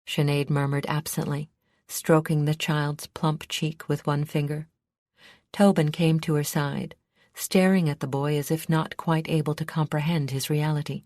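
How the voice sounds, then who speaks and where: A woman reading a fantasy audiobook in a measured, steady storytelling manner. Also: low-pitched, no echo, clean studio sound. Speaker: audiobook narrator. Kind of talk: scripted narration.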